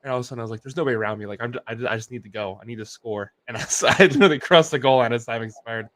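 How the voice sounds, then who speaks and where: A young adult man co-hosting a casual sports livestream, telling animated stories full of "like" fillers. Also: medium pitch, rapid-fire. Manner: animated storyteller, many "like" fillers. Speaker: co-host.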